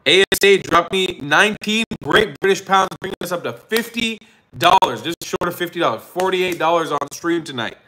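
A man hosting a livestream with a bright, forceful voice that sits a little high. He jokes, swears and hypes his chat in a loose, casual way. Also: normal speed, low-quality recording. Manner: loud, joking hype-man delivery with swearing. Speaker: livestream host. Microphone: phone hotspot livestream.

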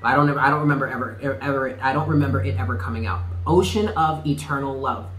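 A man's voice: mid-range voice, quick pace, fairly bright tone. Guy doing a tarot reading, super effusive, cusses a lot, laughs a bunch, roomy echo and a little hiss behind him. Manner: effusive and emphatic, swears freely, laughs often. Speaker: tarot reader. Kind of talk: casual tarot reading to camera. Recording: echoey room with faint background noise.

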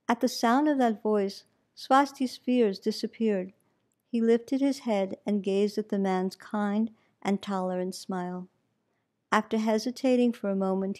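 A woman meditation teacher reading a story aloud in a calm, measured way. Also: medium pitch.

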